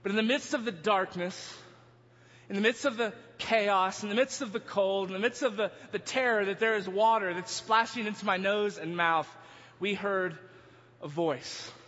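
A man preaching a sermon, telling a story in an animated way, now and then breaking into yelling. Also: high-pitched, moderate pace. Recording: dull sound, long hall reverb.

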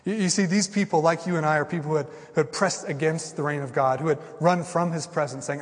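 A man preaching a sermon with passion, jumping from loud outbursts to hushed, quiet asides. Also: a little high, fairly even intonation, fast talker, few pauses. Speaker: pastor. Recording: long hall reverb.

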